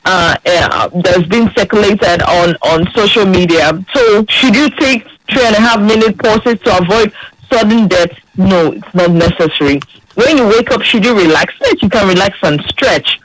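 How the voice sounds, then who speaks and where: A woman's voice: medium pitch, moderate pace, poor audio. A woman fact-checker explaining a claim on a radio call-in, hesitant with many fillers. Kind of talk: phone-in radio interview.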